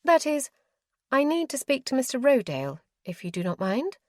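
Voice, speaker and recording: A woman voicing a prim, high-born young lady. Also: very animated, moderate pace, darkish tone, dry recording, clean studio sound. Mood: formal, nervous. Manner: prim, formal, clipped. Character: proud, well-bred young lady, nervous but insistent.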